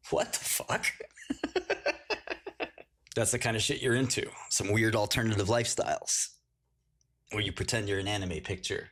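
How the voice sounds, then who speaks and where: A man's voice: fairly low pitch, normal speed, long pauses, a bit bright. A man hosting a casual livestream, telling crude slangy stories and laughing often. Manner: slangy storytelling. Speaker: livestream host.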